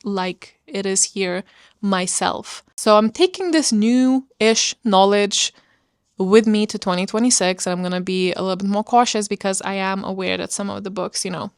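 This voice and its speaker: A woman's voice: mid-range voice, moderate pace, clear, resonant tone, no room sound, studio quality. A woman vlogger talking casually about books, chatty and rambling with lots of fillers. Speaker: book vlogger. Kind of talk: casual chat.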